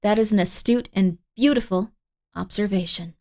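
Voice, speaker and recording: A woman's voice: medium pitch, normal speed, darkish tone. A woman streamer chatting casually at the end of a live stream, sleepy and tired, rambling and repeating herself with slightly slurred words.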